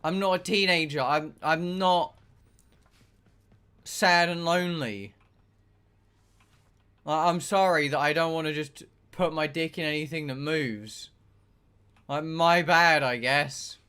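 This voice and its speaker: A man's voice: fairly high pitch, slow, long pauses, pushed and bright, clear, resonant tone. Ranting young man streaming games. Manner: ranting, exasperated, swears a lot. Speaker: game streamer. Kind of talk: casual chat while gaming.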